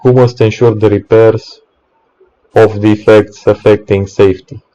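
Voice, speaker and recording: A man's voice: lowish voice, level tone, measured pace, warm tone, lo-fi sound. A man, an electrician, in an exasperated ranting monologue, swearing often and stumbling over restarts.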